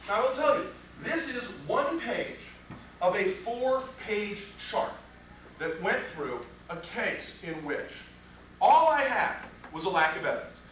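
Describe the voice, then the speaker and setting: This criminal defense trial instructor has a high, fairly bright voice with big pitch swings, and he takes his time. Teaching trial lawyers at a live workshop before an audience, he's blunt and profane, rattling off rhetorical questions. The echoey room is recorded from a distance with slight background noise.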